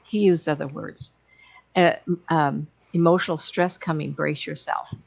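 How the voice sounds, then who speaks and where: A psychic medium with a low, creaky voice tells rambling, chatty stories, laughing and acting out the voices of the people in them. She speaks unhurriedly with fairly even intonation, and the sound is lo-fi.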